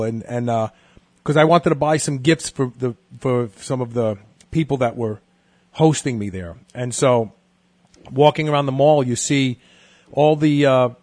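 A man's voice: mid-range voice, no echo. Chatty man telling a travel story. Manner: chatty, animated anecdotes. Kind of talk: casual interview, storytelling.

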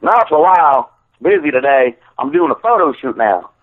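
A man's voice: fairly high pitch, sing-song, very slow, exaggerated voice. A man putting on an accent to voice a dim, blunt young male friend over a phone line. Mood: breezy. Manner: put-on accent, raised voice.

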